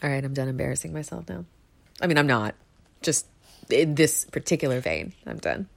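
A woman's voice: very deep voice, lively intonation, a little fast, gravelly. A woman chatting casually to her listeners from her bed, rambling and self-deprecating, laughing often, recorded close to the mic. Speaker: comfort audio creator. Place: bedroom, on her bed with her dogs.

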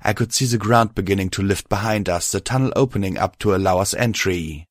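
A man reading first-person fan fiction aloud in a steady, measured way. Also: fairly low pitch, no echo, clean studio sound. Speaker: narrator.

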